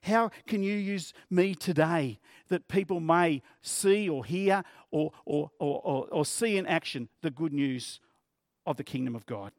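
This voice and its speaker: A man's voice: a little high, measured pace, dry recording, clean studio sound. A man preaching a sermon as pastor, earnest and plain-spoken, using vivid everyday examples.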